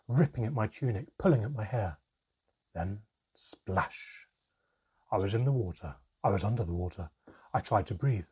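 A man's voice: mid-range voice, darkish tone, slightly rough. A man reading a first-person adventure story aloud in a dramatic storytelling manner. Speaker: narrator. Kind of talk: audiobook narration.

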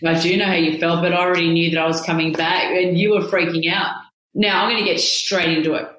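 A woman co-hosting a casual chat, telling stories in an animated way and laughing often. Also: fairly low pitch, fast talker, slight background noise. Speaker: podcast co-host. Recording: echoey room.

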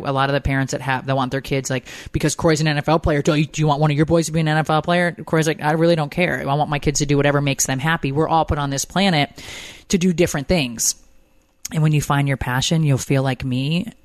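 Woman, 30s, podcast co-host, lively talkative storyteller, dry close mic. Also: low-pitched, no echo. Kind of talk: casual chat.

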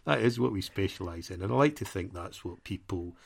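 A man's voice: low-pitched, expressive, a little fast, creaky, slightly rough. A man co-hosting a football podcast, chatting casually in a rambling, self-deprecating way and laughing often. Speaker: podcast co-host.

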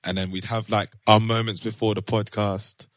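Low-voiced man hosting a podcast chat. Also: normal speed, no room sound, studio quality. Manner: relaxed, laughs often, uses slang. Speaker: podcast host. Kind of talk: casual chat.

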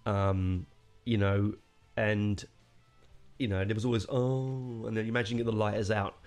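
A man's voice: fairly low pitch, level tone, moderate pace, soft background music. A man hosting a podcast, casually reviewing a metal album in an enthusiastic, rambling way with jokey asides.

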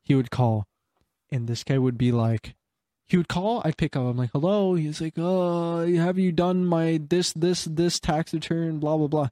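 A man's voice: fairly high pitch, unhurried, mellow, no echo, studio quality. A young man casually telling work stories, rambling, full of fillers and swearing. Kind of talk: casual chat.

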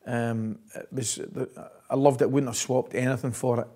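A Scottish man, a former football coach, recounting old stories in an interview. He tells them in a lively way, laughs as he goes, and keeps asking "right?". His voice sits in a middle pitch. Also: normal speed, breathy edge. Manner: lively storyteller, laughs often, says "right?" constantly. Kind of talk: anecdotal interview chat.

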